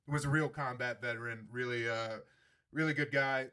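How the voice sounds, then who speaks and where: A man's voice: medium pitch, fairly even intonation, normal speed, sharp tone, smooth. A man hosting a daily show, giving a sarcastic, profane political monologue and slipping into mock voices. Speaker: podcast host.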